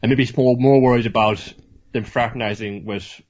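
A man's voice: medium pitch, fairly even intonation, moderate pace, darkish tone. A man co-hosting a casual podcast, rambling and joking, with the odd swear. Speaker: podcast co-host. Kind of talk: casual chat. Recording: dull lo-fi sound.

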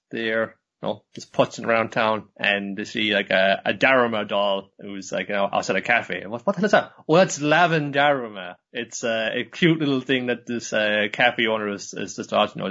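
A man's voice: on the low side, fairly bright tone. A man hosting a casual podcast chat, rambling through a recap with lots of fillers. His speech is loose and profane. The audio is dull and lo-fi. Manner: rambling, full of fillers, swearing, laughing. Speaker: podcast host.

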